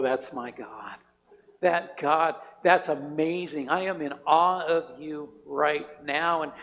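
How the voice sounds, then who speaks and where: A man's voice: on the high side, gravelly, fairly bright tone, big-room sound, rough recording. A man preaching a sermon in a conversational way, often repeating words and asking his listeners "right?". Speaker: pastor.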